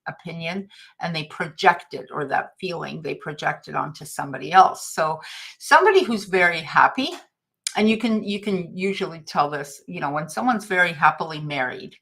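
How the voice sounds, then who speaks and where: A woman's voice: sits low, normal speed, creaky, a bit bright. A middle-aged woman hosting a livestream, talking casually and telling stories, laughing often. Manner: chatty, anecdotal, laughs often. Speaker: livestream host. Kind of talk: casual motivational talk.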